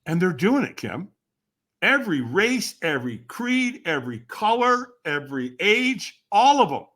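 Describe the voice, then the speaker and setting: A man who is a guest on a podcast, telling a story dramatically and acting out the voices and shouts of the people in it. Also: sits high, sing-song, measured pace. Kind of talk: animated storytelling.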